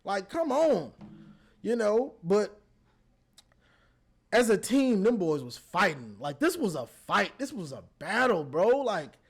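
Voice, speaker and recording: A man giving a casual football game recap, animated, talking straight to the players and repeating his words. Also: high-pitched, measured pace, breathy edge. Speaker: football fan reviewing a game.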